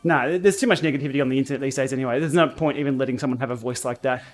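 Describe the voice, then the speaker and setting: A man hosting a casual cycling livestream from his home training room, blunt and outspoken, quick to laugh. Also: medium pitch, faint music behind. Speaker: cycling YouTuber and livestream host. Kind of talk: casual livestream chat while riding.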